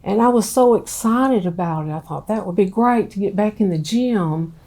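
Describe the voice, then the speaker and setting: A middle-aged woman, telling her own story in an interview in a plain, unhurried way. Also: mid-range voice, mellow. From Southern US. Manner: slow, plain-spoken storytelling. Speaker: interviewee, ex-wife of a street preacher. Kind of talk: recounting her life in an interview.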